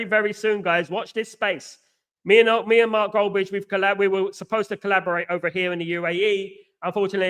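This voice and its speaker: A man's voice: high voice, sharp tone. A middle-aged man with a London accent, hosting a casual livestream chat, rambling and repeating "you know what I mean". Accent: London English. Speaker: host.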